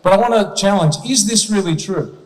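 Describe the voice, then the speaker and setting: A man's voice: high voice, fairly quick. A man giving an emphatic, rhetorical public speech with slides to an audience at an event, often checking in with "okay?". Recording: long hall reverb.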